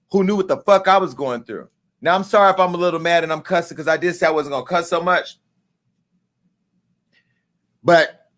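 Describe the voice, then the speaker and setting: A middle-aged man hosts a live show, his fairly high, fairly bright voice carrying an angry, profane, emphatic rant. It's an impassioned live-stream tirade.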